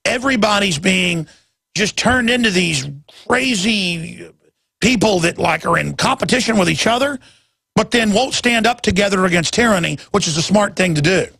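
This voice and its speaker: On talk radio, a man rants animatedly at normal speed, rambling before breaking into sudden loud, emphatic bursts. His fairly high voice has a rough, gravelly fry and a husky edge, recorded close and dry with no room sound.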